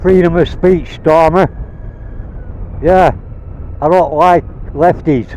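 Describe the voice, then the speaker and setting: Vlogger riding a motorbike, man from Rhodesia, blunt and profane, a mellow tone pitched a touch high, dull helmet-mic sound. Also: fairly even intonation, slow pace, a little hiss or hum. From Rhodesia (now Zimbabwe). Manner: heated, swearing, blunt. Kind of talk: angry rant while riding. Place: on a motorbike outdoors.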